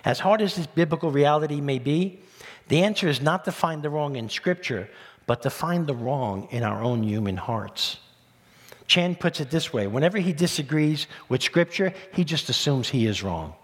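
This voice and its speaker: A man preaching a sermon as pastor, animated, with rhetorical questions and rising emphasis. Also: fairly high pitch, moderate pace. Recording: long reverb of a church hall.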